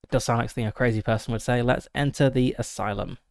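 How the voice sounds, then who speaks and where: A man plays a solo tabletop game on stream, reading the book's passages aloud and talking himself through the dice rolls with plenty of ums. His voice sits at an ordinary middle pitch, and the sound is dry and close, with no room echo. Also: fairly even intonation, fast talker, vocal fry. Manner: reads gamebook text, mutters over dice rolls with fillers.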